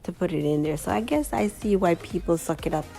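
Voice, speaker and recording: A tired woman vlogger narrating her own craft video in a chatty, casual voice. She talks straight to the viewers, and her voice sits a little low with a gravelly fry. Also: brisk, mellow, soft background music. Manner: chatty, addresses viewers directly. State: tired and yawning. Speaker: small business owner and vlogger. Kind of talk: casual voice-over of a craft tutorial.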